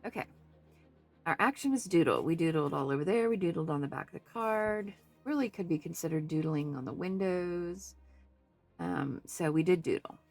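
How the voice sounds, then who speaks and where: A woman with a gravelly voice chats her way through an art journaling session. She thinks out loud and second-guesses her choices as she talks to her viewers. Soft music plays faintly behind her. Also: lowish voice, expressive, normal speed. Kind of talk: casual crafting tutorial chat.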